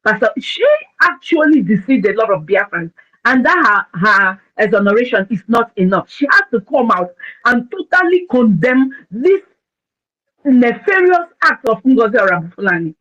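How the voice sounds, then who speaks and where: A woman's voice: a little high, big pitch swings, normal speed, fairly bright tone, lo-fi sound. A woman giving impassioned commentary as a speaker in an audio chat room. She repeats words for emphasis.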